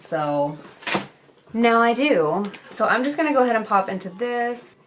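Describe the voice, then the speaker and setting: A woman's voice: mid-range voice, expressive, normal speed, a bit bright, a little hiss or hum. A young woman chatting candidly as a beauty vlogger while she does her makeup, swearing casually as she goes.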